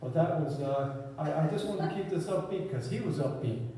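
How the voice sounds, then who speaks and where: A man's voice: a little high, normal speed, dark tone, slight background noise. A man giving a eulogy, telling an upbeat story about a friend and laughing through it. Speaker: eulogy speaker. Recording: echoey hall from far off.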